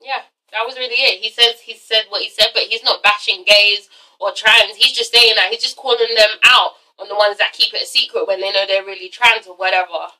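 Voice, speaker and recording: A woman's voice: mid-range voice, steady tone, brisk, pushed and bright, recorded from a distance, rough recording. A woman casually recapping an episode in a chatty, profane vlog style, tagging her lines with "all right?". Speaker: vlogger reviewing a TV episode.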